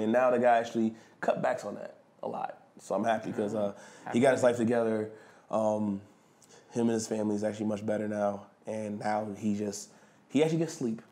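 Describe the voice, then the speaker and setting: A man being interviewed, telling a backstage story in slangy casual speech, swearing freely and acting out what others said. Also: fairly low pitch. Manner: animated storyteller who acts out quotes loudly. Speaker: wrestler and guest.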